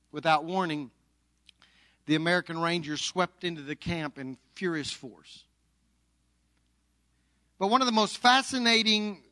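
Male pastor, high bright tone, dynamic sermon delivery. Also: no echo. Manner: dynamic, swings from loud to hushed. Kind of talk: Easter sermon with storytelling.

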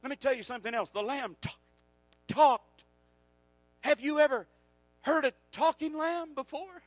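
A man preaching a sermon, swinging from hushed passages to shouted climaxes. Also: extremely high pitch, lively intonation, fairly quick, no room sound, poor audio.

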